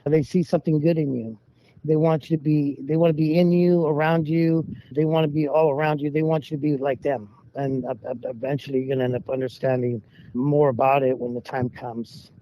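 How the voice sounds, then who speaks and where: A man's voice: a little high, flat delivery, fairly quick, slight background noise. A man telling personal stories in a rambling, casual way, acting out the voices of the people he quotes. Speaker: guest storyteller. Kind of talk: casual storytelling. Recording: dull lo-fi sound.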